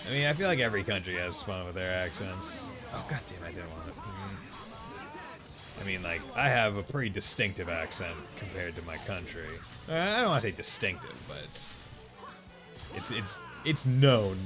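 Brief: male streamer, Boston accent, lowish pitch, bright edge, loose rambling chat, faint game music underneath. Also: big pitch swings, normal speed. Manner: rambling, lots of fillers and laughs. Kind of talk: casual let's-play chat.

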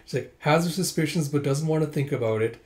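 A man's voice: fairly high pitch, fast. Chatty man reading a manga aloud. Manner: chatty, laughs often while reading. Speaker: manga reader, video host. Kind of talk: casual manga readthrough.

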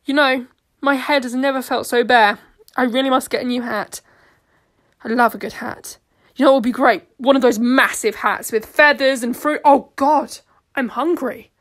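A woman's voice: high-pitched, normal speed, a bit bright. A woman voicing a blunt, eccentric alien time traveller who has just woken, in a fan audio drama reading. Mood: rambling. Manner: blunt, matter-of-fact, rambling.

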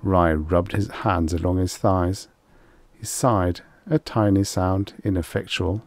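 Deep-voiced man narrating an audiobook. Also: fairly even intonation, slow pace, a little mellow, no room sound. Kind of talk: scripted narration.

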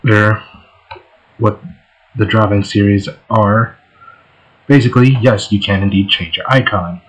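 A man's voice: lowish voice, fairly even intonation, unhurried, dull audio. A man hosting a let's play, giving casual gameplay commentary in a laid-back, joking way.

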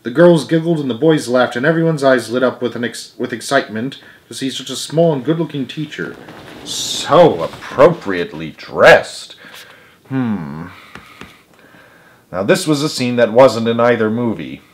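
A man's voice: medium pitch, expressive, brisk, few pauses. Man reading a storybook aloud. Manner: frequent slips and restarts, chatty asides. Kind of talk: reading a children's book aloud.

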